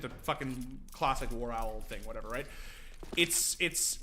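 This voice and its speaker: A young man casually streaming, teaching game tactics to his chat, animated and profane. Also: mid-range voice, measured pace, a little hiss or hum. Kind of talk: casual livestream commentary.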